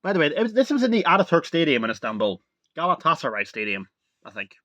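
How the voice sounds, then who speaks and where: A young man talking casually to camera as a video reviewer, rambling and excitable, full of "like" and "literally". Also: a little high, fast, no room sound.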